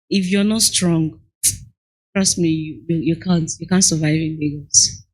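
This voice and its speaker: A woman with a Nigerian accent speaks in a husky, slightly breathy voice that sits on the lower side. She talks earnestly and candidly in a relaxed interview. She is a young adult. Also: a little slow. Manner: candid and earnest, acts out clients' lines. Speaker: guest entrepreneur. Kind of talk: conversational interview.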